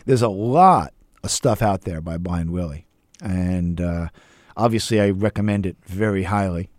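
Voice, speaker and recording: A man's voice: deep voice, normal speed, a little mellow, no room sound. Chatty man hosting a music show. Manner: enthusiastic, chatty, with fillers. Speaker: host. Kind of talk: casual radio talk about music.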